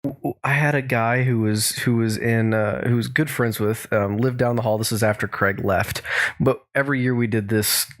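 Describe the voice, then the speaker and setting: A man of middle pitch rambling through a story on a casual podcast. He restarts his sentences often and chuckles along the way. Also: fairly even intonation, moderate pace, fairly bright tone. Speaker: podcast co-host.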